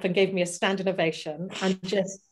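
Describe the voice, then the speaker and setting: A middle-aged woman, a stage performer, telling lively anecdotes in a casual interview over a video call. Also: medium pitch, brisk, a loud crowd. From Wales. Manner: animated, laughing anecdotes with acted-out quotes. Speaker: guest performer.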